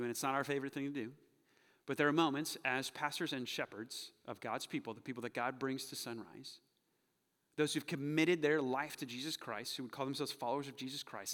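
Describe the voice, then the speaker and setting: A male pastor preaching a sermon, who acts out quoted voices with energy and then drops to soft, hushed moments. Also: mid-range voice. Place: church sanctuary. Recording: long hall reverb.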